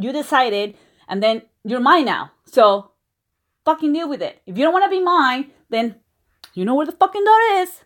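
A woman playing a jealous, swearing girlfriend. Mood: possessive. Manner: swears constantly, swings between low mutters and shouting. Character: jealous, foul-mouthed young girlfriend, possessive and hot-tempered. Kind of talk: audio role-play.

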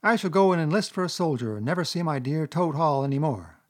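A man voicing a conceited, excitable male toad who brags in a high, puffed-up voice. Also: quick pace. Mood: wailing. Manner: boastful, shrill and puffed up.

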